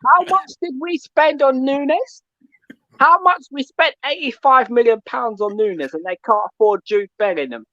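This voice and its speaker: A man's voice: extremely high pitch, normal speed, no echo. Ranting male caller, dull lo-fi line. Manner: loud ranting, keeps asking "yeah?". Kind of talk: call-in football rant.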